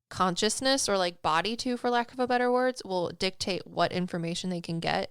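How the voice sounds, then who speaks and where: A woman's voice: lowish voice, clean tone, no echo, studio quality. A woman co-hosting a podcast, chatting casually, laughing often and trailing off as she reads listener stories and reviews. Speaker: podcast co-host.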